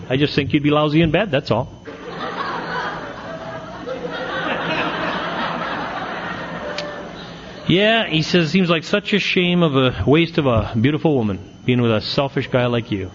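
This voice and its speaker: A man's voice: on the high side, huge pitch swings, takes it slowly, long pauses, dull audio, noisy background. Man telling a humorous recovery story. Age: middle-aged. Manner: storytelling with punchlines, acts out quotes. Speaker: AA speaker.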